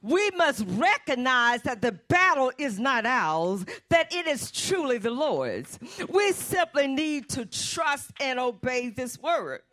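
A woman's voice: high-pitched, big pitch swings, slow pace, hardly any pauses, fairly bright tone. A woman preaching a fervent sermon and calling on the Holy Spirit as she speaks.

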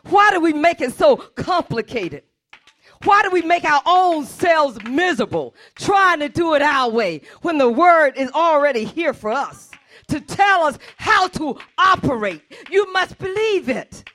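A woman pastor delivers a fervent sermon in church, unhurried, her high voice swinging widely in pitch. Hammering her message through repetition, she frequently breaks into shouting.

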